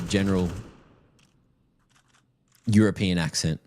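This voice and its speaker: A man's voice: on the low side, moderate pace, slight background noise. A man casting a live esports match with play-by-play and playful, teasing asides. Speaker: esports caster.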